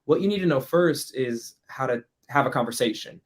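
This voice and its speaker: A man's voice: mid-range voice, expressive, moderate pace. A man chatting casually over a video call as he teaches French. He laughs often and slips into playful voices when he quotes people. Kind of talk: casual online workshop talk.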